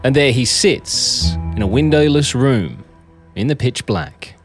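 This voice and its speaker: A male podcast host giving measured, dramatic scripted narration. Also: mid-range voice, animated, faint music behind.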